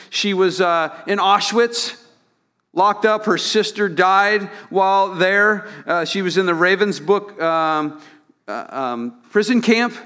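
A man preaching a sermon in an earnest, emphatic way, with sudden loud peaks and frequent restarts. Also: fairly high pitch. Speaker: pastor.

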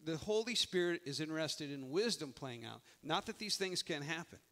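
Middle-aged man, pastor, sermon delivery, high voice with a bright edge, emphatic and conversational. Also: animated, moderate pace. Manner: conversational, emphatic preaching with frequent restarts.

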